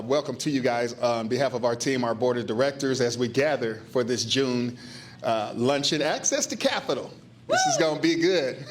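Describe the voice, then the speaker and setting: A man hosting a business luncheon, giving chatty welcoming remarks and repeating words for emphasis. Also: medium pitch. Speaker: business engagement manager, event host. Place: meeting room at a luncheon.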